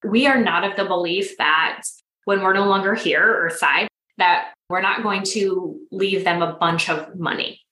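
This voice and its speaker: A woman's voice: fairly low pitch, unhurried, reverberant, rough recording. A woman in her thirties, a manifestation coach, chatting as a podcast guest and telling stories with acted-out dialogue. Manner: animated storyteller, acts out quoted dialogue. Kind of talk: casual podcast interview.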